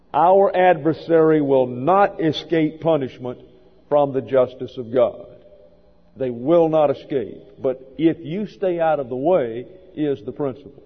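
A male pastor giving a measured, methodical verse-by-verse Bible teaching sermon in a church. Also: on the high side. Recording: dull lo-fi sound with long hall reverb.

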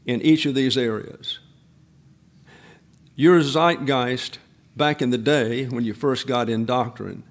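Elderly male pastor in his eighties, folksy digressive sermon delivery, mid-pitched voice. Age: 80s. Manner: folksy, digressive storytelling with frequent restarts.

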